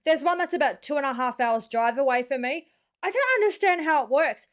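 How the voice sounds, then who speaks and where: An Australian woman hosts a reaction video in a chatty, informal way, talking directly to her audience. Her voice sits high and light. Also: animated, a little fast. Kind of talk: casual reaction commentary.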